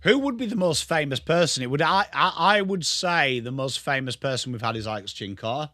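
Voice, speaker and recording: Bright-voiced male watchalong host. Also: a little high, animated. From Australia. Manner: chatty, greets chat viewers by name, bursts into quick play calls. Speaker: live stream host. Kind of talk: casual live watchalong commentary.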